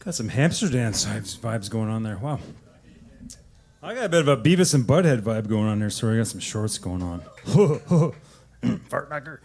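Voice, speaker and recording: A man's voice: medium pitch, animated, moderate pace, creaky, a little mellow. A man from Canada, an open mic performer, rambling and joking between songs at a coffee shop. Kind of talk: casual banter and singing with guitar. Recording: live room with guitar music.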